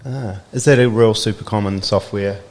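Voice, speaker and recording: A man hosting a casual podcast interview, chatty and quick to laugh. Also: on the low side. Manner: relaxed, chatty, laughs easily. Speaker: podcast host.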